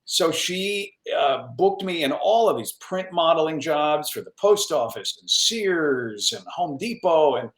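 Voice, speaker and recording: Man, radio news anchor on a podcast, animated self-deprecating storyteller, roomy echo on the voice. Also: a little high. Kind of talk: casual interview storytelling.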